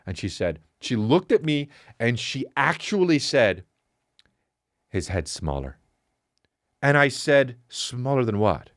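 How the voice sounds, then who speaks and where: A man's voice: mid-range voice, lively intonation, unhurried, few pauses, fairly bright tone, dry recording, clean studio sound. A man in his thirties telling a comedic story on his podcast, profane and exasperated, acting out what people said. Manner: profane, exasperated, acts out quotes.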